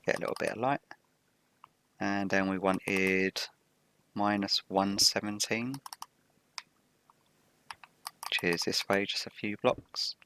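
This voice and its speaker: A man hosting a game Let's Play with a rough morning voice, explaining each step methodically as he plays. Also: fairly low pitch, level tone, slow pace, long pauses, pushed and bright. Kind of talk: gameplay commentary.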